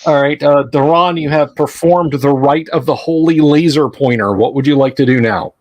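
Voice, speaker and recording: A man runs a tabletop game on a livestream, narrating rolls and fights with a joking streak. His voice sits a little high. The sound is dry and close, with no room echo. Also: normal speed, darkish tone. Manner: jokey, tosses in metal references. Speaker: game master.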